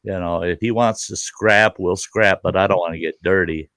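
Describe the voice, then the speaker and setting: A man's voice: sits low, moderate pace, no room sound. A middle-aged man hosting a casual chat, telling a story with lots of swearing and acted-out voices. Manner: animated, swearing, acts out voices in his stories. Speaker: host.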